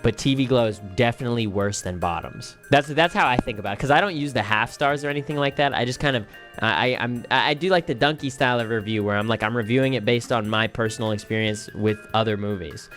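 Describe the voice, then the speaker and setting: A man's voice: medium pitch, fast talker, a bit bright, faint music behind. A man casually reviewing movies on a stream, rambling and repeating phrases with lots of fillers.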